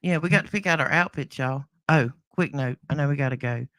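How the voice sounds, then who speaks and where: A woman's voice: deep voice, a little fast, a bit bright, dry recording. A playful Southern woman co-hosting a casual chat over a video call, with a folksy lilt in her talk. Her voice sits mid-range and sounds dry and close, with no room around it. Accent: Southern American. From American South. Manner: folksy, playful, says y'all a lot. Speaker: co-host.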